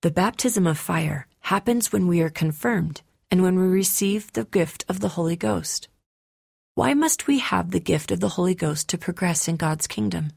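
A woman reading lesson material for teachers aloud in an even, measured way. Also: on the low side, no echo, clean studio sound. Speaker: reader of a teaching manual.

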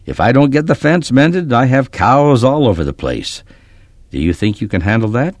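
A man voicing a practical rancher uncle who speaks briskly and directly. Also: medium pitch, very animated, no room sound, studio quality, voice pushed up.

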